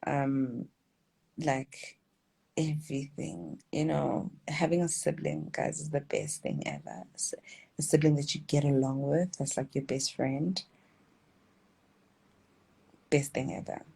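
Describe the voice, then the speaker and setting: A woman's voice: low-pitched, steady tone, slow, creaky, long pauses, dark tone, slightly rough, low-quality recording. A young South African woman hosting a casual phone livestream at home, chatty and laughing often, drifting between English and Zulu. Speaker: livestream host.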